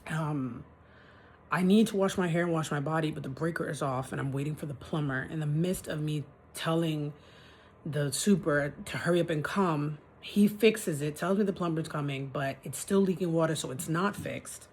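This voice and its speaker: A New York City woman vents in a casual vlog from inside her apartment, frustrated and ranting, swearing as she goes. Her low-pitched voice moves at normal speed and sounds a little mellow, with a slight hiss or hum in the recording.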